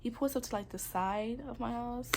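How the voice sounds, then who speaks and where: A woman's voice: a little high, normal speed, vocal fry, background noise. Young woman telling a candid story. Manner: candid, earnest, casual slang. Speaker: vlogger. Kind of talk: personal storytime vlog.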